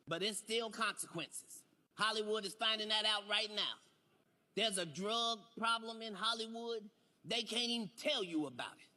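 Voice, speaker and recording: High-voiced, shouting man comedian. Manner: profane, emphatic rants with shouted punchlines. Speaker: stand-up comedian. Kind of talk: stand-up routine. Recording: reverberant arena with audience noise.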